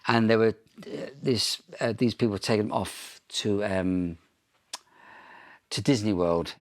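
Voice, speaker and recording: A man's voice: fairly low pitch, takes it slowly. A man from Ireland, a pop singer, chatting in an interview and telling long anecdotes with frequent ums and restarts. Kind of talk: casual interview storytelling.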